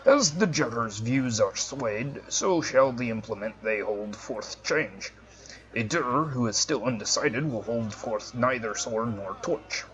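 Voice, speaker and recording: A man's voice: mid-range voice, animated, measured pace, fairly bright tone, highs cut off, pitched below the performer's own voice. A man voicing a solemn male dwarf cleric with a put-on Scottish accent, reading the game's lines formally.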